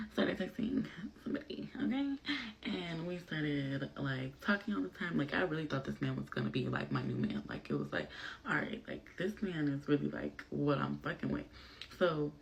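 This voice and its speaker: A woman tells a dating story straight to camera while she gets ready, loose and profane, with "like" in nearly every line. Her voice has a gravelly fry running through it. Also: low voice, slight background noise. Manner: animated, profane, full of fillers. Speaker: vlogger telling a story.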